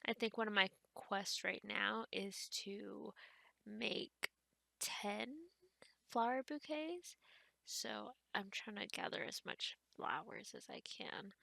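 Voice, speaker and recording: Chatty woman with a gravelly bright voice. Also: mid-range voice, takes it slowly, no echo. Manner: chatty and rambling, thinking aloud. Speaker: gaming channel host. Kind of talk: casual let's-play commentary.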